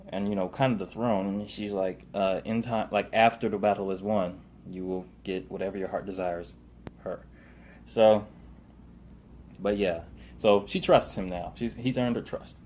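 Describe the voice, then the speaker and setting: A man's voice: lowish voice, steady tone, moderate pace, a little mellow. A man casually recapping a TV episode, rambling with lots of fillers and loosely paraphrased quotes. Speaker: TV show reviewer.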